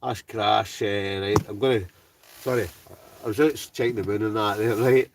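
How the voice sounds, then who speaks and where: With a lowish, steady voice at a moderate pace and some vocal fry, an Ayrshire man casually chats and laughs while reading livestream chat names. He's wild camping in a heated tent in the snow, and the distant mic picks up background noise.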